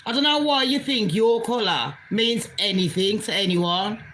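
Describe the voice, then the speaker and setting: Woman vlogger, British Jamaican accent, bright and sharp tone, profane heated rant, faint room noise. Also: medium pitch, normal speed, rough recording. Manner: profane, heated, swearing constantly. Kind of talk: angry political rant vlog.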